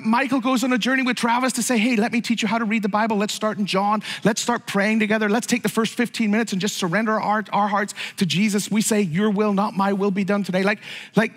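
A man's voice: high voice, fairly bright tone. A middle-aged man preaching a sermon to his church, talking in a conversational way that rises to fervent exclamations. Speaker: pastor. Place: church sanctuary. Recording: long reverb of a large hall.

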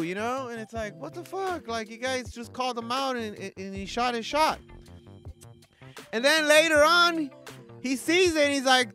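Excitable, cursing vlogger with a bright voice. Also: high-pitched, normal speed, faint music behind. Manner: excitable, profane, slangy, acts out quotes. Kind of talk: casual commentary rant.

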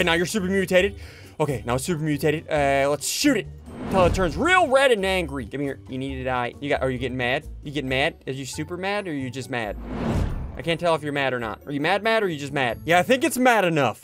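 An excitable man commentates his video game playthrough with a high, lively voice that leaps up and down. He chatters to the viewers and teases the creatures he battles. Faint music plays underneath. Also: a little fast. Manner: excitable, chatty, taunts game mobs playfully. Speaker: gaming video host. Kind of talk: Let's Play commentary.

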